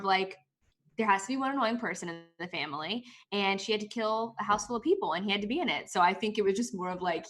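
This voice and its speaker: A woman's voice: mid-range voice, fairly bright tone. A woman co-hosting a casual show recap, chatty and quoting her own reactions. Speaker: podcast co-host.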